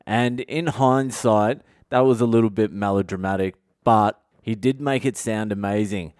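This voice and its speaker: A man's voice: fairly low pitch, normal speed, a little mellow, clear, resonant tone, dry recording, studio quality. A man hosting a solo podcast, telling rambling stories in a blunt, profane way. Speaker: podcast host, comedian. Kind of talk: solo confessional podcast storytelling.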